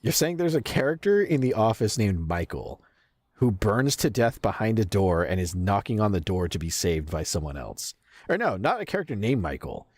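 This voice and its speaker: Low husky male streamer, swearing casually. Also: big pitch swings, moderate pace, darkish tone, no echo. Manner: casual, swears freely, laughs often. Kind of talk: casual game livestream chat, reading chat aloud.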